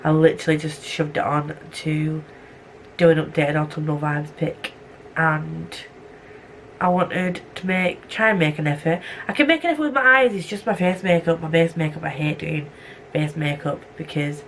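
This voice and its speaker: A woman's voice: low voice, moderate pace, a bit bright, slight background noise. A young woman vlogging casually at home at night, rambling and self-mocking as she drifts off on tangents. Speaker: book vlogger. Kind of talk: casual vlog chat.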